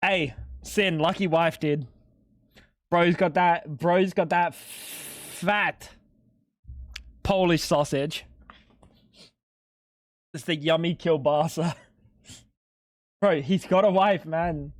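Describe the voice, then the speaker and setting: A man's voice: a little high, steady tone, slow pace, long pauses, no room sound, clean studio sound. Laid-back slangy male streamer. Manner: laid-back, slangy, swearing, talking to chat. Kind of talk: casual live-stream chat.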